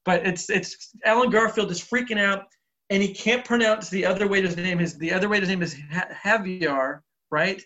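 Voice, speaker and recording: A man's voice: high-pitched, moderate pace, bright, forceful tone. A man co-hosting a podcast, casually and enthusiastically discussing a film scene. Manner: enthusiastic, acts out quotes. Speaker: podcast co-host. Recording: dull lo-fi audio.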